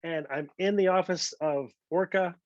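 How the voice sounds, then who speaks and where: A man's voice: high voice, normal speed, a little mellow, no room sound, lo-fi sound. A middle-aged man telling a story about his career with energy, acting out the other people's voices when he quotes them. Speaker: invited author telling a story. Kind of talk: storytelling talk.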